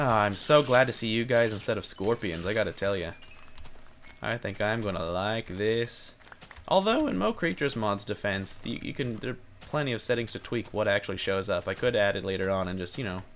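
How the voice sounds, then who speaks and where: A man's voice: lowish voice, a bit bright, slight background noise. A young man giving chatty Let's Play commentary, rambling and yelping when monsters jump him. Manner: chatty, jumpy, yelps at monsters. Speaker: gaming video host.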